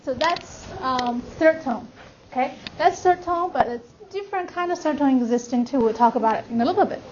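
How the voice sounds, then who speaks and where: A woman with a high voice leads a classroom lesson and draws out sung vowel sounds to show how each tone moves. The recording is dull and lo-fi. A clear hiss of noise runs behind her. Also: brisk, darkish tone. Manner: demonstrates tones by drawing out and singing vowel sounds. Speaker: language teacher. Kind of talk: classroom instruction.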